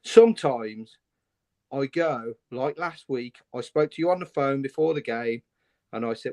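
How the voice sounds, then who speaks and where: A man's voice: medium pitch, lively intonation, a little slow, warm tone. A man on a fan phone-in show, speaking in an impassioned, ranting way in heated debate. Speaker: fan panelist.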